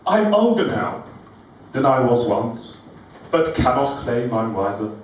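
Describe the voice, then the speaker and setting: A man recites witty rhyming verse at a measured, unhurried pace, his high voice swooping with lively inflection. He is recorded from across a very echoey room, with faint room ambience underneath. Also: recorded from a distance, slight background noise. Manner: rhythmic, deliberate, witty delivery. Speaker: poet performing at a live event. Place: live venue room.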